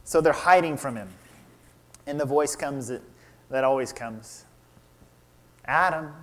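A man in his thirties preaching a sermon, retelling a story and asking his listeners questions. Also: mid-range voice. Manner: asks the audience questions, acts out quotes.

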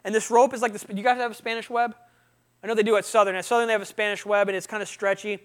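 A man sharing his testimony with students in an animated storytelling talk, often asking the audience questions. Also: high voice, racing, clean tone.

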